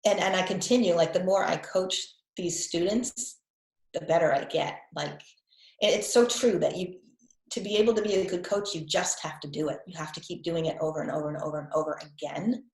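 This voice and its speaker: A woman's voice: lowish voice, brisk, a little mellow, echoey room, poor audio. A woman with a faded Boston accent, chatting casually as a guest health coach, repeating words and laughing often. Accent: Boston, mostly faded. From New England. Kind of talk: casual video call chat.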